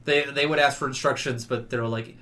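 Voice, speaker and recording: A man's voice: medium pitch, a little fast, crowd noise. A man telling trip stories in casual podcast chat, acting out quotes and laughing as he goes. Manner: animated storyteller, acts out quotes with laughter. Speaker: podcast guest recounting a trip.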